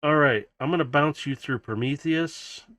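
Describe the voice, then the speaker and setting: A man's voice: on the high side, moderate pace, sharp tone, dry recording. A man voicing a male bridge operator on an intercom, matter-of-fact. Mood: businesslike.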